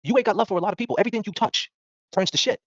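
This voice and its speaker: A podcast host delivers a ranting talk-show monologue, going after critics in a combative, profane and mocking way. He speaks rapid-fire in a high voice, with no echo and the highs cut off in the audio.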